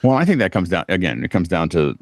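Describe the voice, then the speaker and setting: A man co-hosting a tech podcast, chatty and halting, with many fillers. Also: low voice, sing-song, no echo, studio quality. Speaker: podcast co-host. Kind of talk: casual tech panel discussion.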